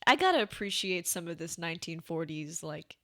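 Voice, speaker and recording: A woman's voice: fairly low pitch, lively intonation, a little fast, fairly bright tone. Woman podcaster, casual chat, chatty, filler-heavy, laughs a lot. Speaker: podcast co-host. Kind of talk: casual comic book discussion.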